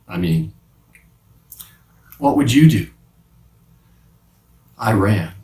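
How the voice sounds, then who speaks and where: A man's voice: on the low side, animated, darkish tone. A man playing Peter, a guilt-stricken old fisherman. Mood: remorseful. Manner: halting confession with restarts, slow and heavy. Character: remorseful male fisherman apostle, middle-aged, haunted by guilt. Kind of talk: dramatic first-person monologue. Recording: roomy sound from a distant mic.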